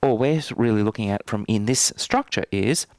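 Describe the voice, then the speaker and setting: A man's voice: fairly low pitch, fairly quick, darkish tone, no echo. Guy running a workshop demo, joking around, dry voice. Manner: conversational, playful, teasing. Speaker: NLP trainer. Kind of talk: live workshop demonstration. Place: training room.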